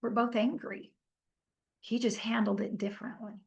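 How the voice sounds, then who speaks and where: The sound is lo-fi, and her fairly high, creaky voice moves at normal speed. A middle-aged trainer runs her workshop casually, telling animated stories, using fillers, and drawing comments from the group.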